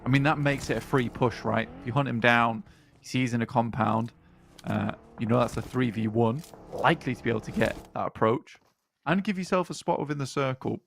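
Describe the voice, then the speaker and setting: A man's voice: mid-range voice, fairly quick, gravelly, a little hiss or hum. A man co-casting a live esports match, trading playful banter and analysis with his partner. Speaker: esports co-caster.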